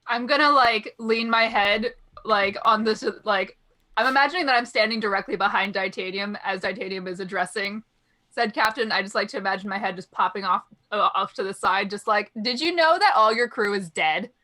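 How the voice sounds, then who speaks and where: A woman's voice: medium pitch, fairly even intonation, a little fast, sharp tone. A woman playing a tabletop game, chatting casually and musing aloud. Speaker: player.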